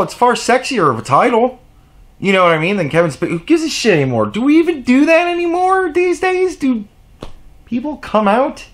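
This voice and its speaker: A man's voice: extremely high pitch, fairly bright tone. A man delivering an exasperated, profane opinion rant on his vlog, with sarcastic asides. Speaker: vlogger.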